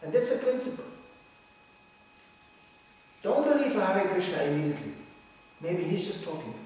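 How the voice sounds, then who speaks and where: A man giving an animated devotional lecture, mocking voices and laughing as he teaches. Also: high-pitched, normal speed. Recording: echoey hall from far off.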